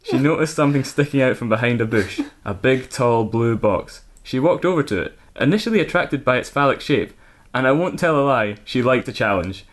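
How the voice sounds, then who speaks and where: A man's voice: medium pitch, expressive, brisk. Man reading crude fan fiction. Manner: reads crude fan fiction aloud, breaking into laughs. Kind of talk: deadpan story reading and casual chat.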